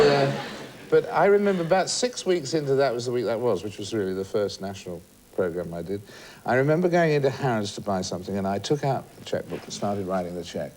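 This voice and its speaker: A man, a chat show guest, telling anecdotes in a rambling way with halting restarts and laughs. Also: mid-range voice, fairly bright tone, slight background noise.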